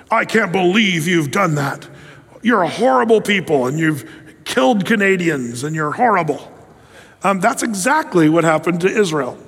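Animated high-voiced man teaching in a hall. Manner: animated, conversational, acts out quoted voices. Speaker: Bible teacher. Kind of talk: sermon-style Bible teaching.

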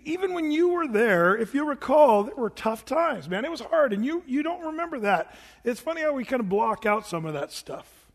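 A middle-aged male pastor preaches with animated energy, slipping into voices for the people he quotes. His voice sits fairly high for a man. The sound carries a long reverberant tail, as in a large hall. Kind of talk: sermon.

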